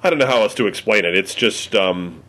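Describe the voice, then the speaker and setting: A man from the Cleveland area, chatting casually in a rambling, halting way full of fillers and restarts. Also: lowish voice, sharp tone. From Cleveland area, United States. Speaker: conversation partner. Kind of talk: casual chat.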